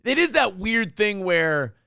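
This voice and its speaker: A man's voice: sits high, very animated, measured pace, gravelly, bright, forceful tone, smooth, no echo, clean studio sound. A man co-hosting a casual comedic morning show, riffing profanely and acting out quotes. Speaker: co-host. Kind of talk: casual comedic news chat.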